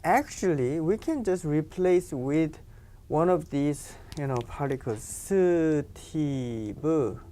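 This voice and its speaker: A woman's voice: sits low, expressive, slow pace, mellow. A woman teaching a grammar lesson, explaining patiently and often saying "you know". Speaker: Korean language teacher.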